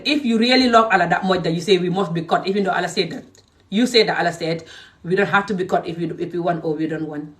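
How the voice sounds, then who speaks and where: A woman's voice: fairly low pitch, distant mic. Fiery woman ranting to camera. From Gambia. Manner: passionate, emphatic, scolding. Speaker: vlogger. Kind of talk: direct-to-camera rant.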